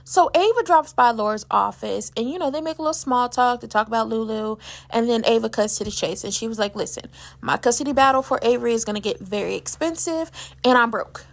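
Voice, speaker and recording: A woman's voice: fairly high pitch, brisk, vocal fry. A woman hosting a casual soap opera recap, chatty and sassy, acting out the characters' lines in her own voice.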